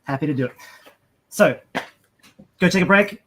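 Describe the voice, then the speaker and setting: A man's voice: a little high, lively intonation, normal speed, fairly bright tone, a little hiss or hum. A man with an Australian accent, chatting casually on a livestream while drawing, often trailing off mid-sentence. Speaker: comic artist drawing live on stream.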